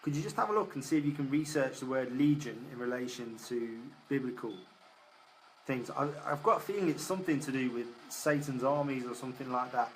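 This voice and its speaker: A man's voice: mid-range voice, fairly quick. A man on a live ghost hunt, chatting and musing about what they hear. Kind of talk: live paranormal investigation. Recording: noisy ambience.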